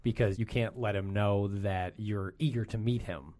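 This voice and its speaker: A woman's voice: a bass voice, fairly even intonation, normal speed, dark tone. A woman interviewing a guest, curious and reacting to each turn of the story. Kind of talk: interview questions.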